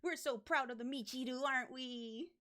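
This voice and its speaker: A woman's voice: high-pitched, moderate pace, a loud crowd, very noisy. A young woman streamer chatting casually on a stream, teasing and giggly. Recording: faint music behind.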